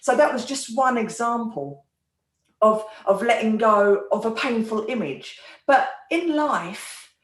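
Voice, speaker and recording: A woman, a therapist telling a personal story in an earnest, soft-spoken way, often restarting her sentences. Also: a little high, animated, slow. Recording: roomy echo, mic at a distance.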